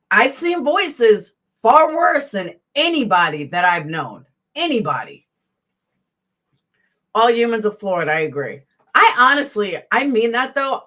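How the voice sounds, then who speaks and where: A Southern woman hosts a casual commentary stream and vents bluntly, cursing freely and calling out to her chat. Her voice sits somewhat high and swings widely between low asides and sharp, raised outbursts. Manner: blunt, profane, heated, talks to live chat. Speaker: YouTube commentary host.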